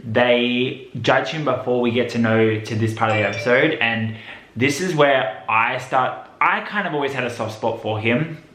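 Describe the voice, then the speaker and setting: Chatty man reviewing a show in an echoey room. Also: normal speed. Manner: chatty, breaks into excited high outbursts and laughs. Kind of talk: casual rewatch reaction commentary. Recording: echoey room with faint noise.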